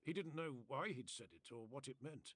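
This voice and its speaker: A man narrating a story in a steady, descriptive storytelling manner, read aloud on a stream. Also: medium pitch, normal speed, a crowd in the background.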